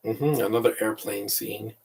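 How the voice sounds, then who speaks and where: A man's voice: fairly low pitch, steady tone, normal speed, gravelly, darkish tone, husky, distant mic. A man giving casual live film commentary, rambling and opinionated, often tripping over repeated words. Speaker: movie commentator.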